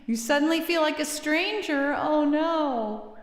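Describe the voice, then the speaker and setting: A woman's voice: high voice, unhurried, echoey room, long reverb tail. A woman hosting a music livestream, chatting casually with viewers and giggling between songs. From United States. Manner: chatty and giggly, reads viewer names aloud. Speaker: singer-songwriter livestream host. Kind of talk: casual chat with live chat readers between songs.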